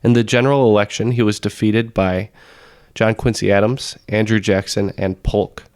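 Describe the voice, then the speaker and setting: A man with a raspy, hoarse voice from being sick, hosting a podcast trivia game and reading the questions. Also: lowish voice, flat delivery, moderate pace, a little mellow, dry recording, clean studio sound. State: hoarse from illness. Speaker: trivia quizmaster.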